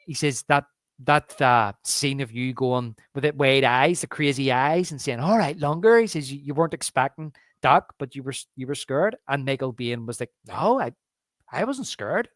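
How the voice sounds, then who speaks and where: A man co-hosting a movie podcast, casually retelling film scenes and quoting their lines in a lowered drawl. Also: moderate pace, no room sound, studio quality. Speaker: podcast co-host. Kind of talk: casual movie review chat.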